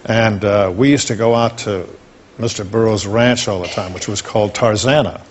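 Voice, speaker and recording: An older man, a talk show guest, reminiscing fondly and at an unhurried pace about his past. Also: fairly low pitch, fairly even intonation, highs cut off, slight background noise.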